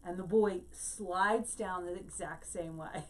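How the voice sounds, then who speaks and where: Woman teaching scripture from a distance. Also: on the low side. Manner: explains Hebrew words slowly, tells a story. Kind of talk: Bible teaching.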